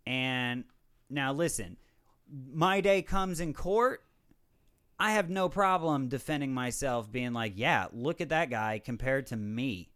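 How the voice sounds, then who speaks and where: A man's voice: mid-range voice, slow, clear, resonant tone. A young man co-hosting a podcast, telling a rambling, profane story full of fillers and quoted back-and-forth. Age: young adult. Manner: rambling, profane, animated retelling with many fillers. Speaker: podcast co-host. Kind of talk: casual storytelling chat.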